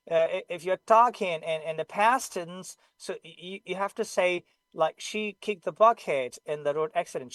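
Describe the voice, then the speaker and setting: High-voiced Pakistani English teacher. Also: male voice, a bit bright, no room sound. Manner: explains patiently, repeating the key sounds. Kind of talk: online class lesson.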